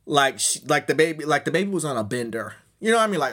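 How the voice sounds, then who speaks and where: A man's voice: fairly high pitch, sing-song, quick pace, a bit bright. A man in his thirties, a podcast host rambling through a profane, self-mocking comedic monologue. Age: 30s.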